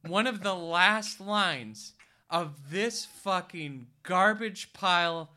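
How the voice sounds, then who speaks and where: A man with a very bright, piercing voice, pitched a little above most men, co-hosting a podcast. He recaps a movie in an exasperated, profane rant and keeps slipping into quoted lines from it. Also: expressive, takes it slowly. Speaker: podcast co-host. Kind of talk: casual movie-recap chat.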